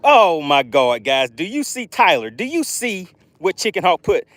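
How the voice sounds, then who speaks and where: A man hosting a live fishing stream from a boat outdoors, excitably narrating his catch and reading chat aloud. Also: high voice, moderate pace, dry recording. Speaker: fishing livestream host.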